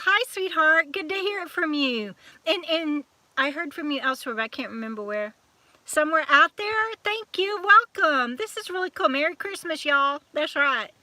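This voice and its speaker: Her voice is high, pushed and bright, recorded with no room sound. She's a Southern US woman hosting a YouTube live-stream, chattering loosely as she welcomes each viewer in turn.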